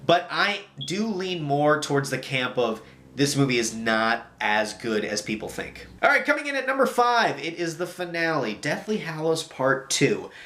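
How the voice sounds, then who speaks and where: A man talking casually as a movie reviewer, animated and exasperated, with mocking impressions. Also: fairly high pitch, moderate pace, roomy sound. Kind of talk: casual opinion talk.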